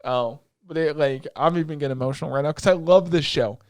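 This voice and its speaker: A man's voice: a little high, quick pace, a little mellow, dry recording, clean studio sound. A man co-hosting a podcast, casually retelling an anime plot with acted quotes and swearing. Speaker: podcast co-host. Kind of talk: casual chat.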